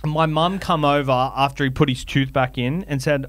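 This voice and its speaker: A man's voice: a little high, moderate pace, fairly bright tone, no room sound. A man with an Australian accent co-hosting a fantasy footy podcast, telling stories animatedly and laughing often. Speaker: podcast co-host. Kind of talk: casual chat, storytelling.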